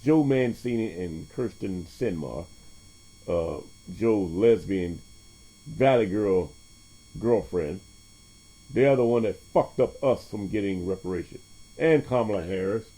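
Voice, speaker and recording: A man's voice: lowish voice, lively intonation, measured pace, warm tone. A man hosting his own podcast in a loose, profane monologue, laughing often and jumping between topics. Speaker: podcast host. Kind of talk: casual monologue.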